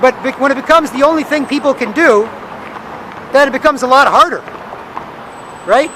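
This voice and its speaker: A man's voice: very high voice, moderate pace, sharp tone, low-quality recording. A man vlogging on a downtown street corner, ranting and repeating himself in a rambling monologue. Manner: repetitive, ranting, acts out other people's voices. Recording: faint traffic noise outdoors.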